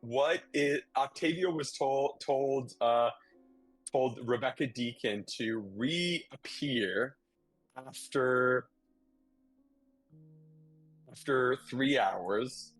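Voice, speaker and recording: A man narrates as game master at an unhurried pace, halting as he thinks aloud. His voice is dry and close, with faint music behind it. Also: mid-range voice, no room sound.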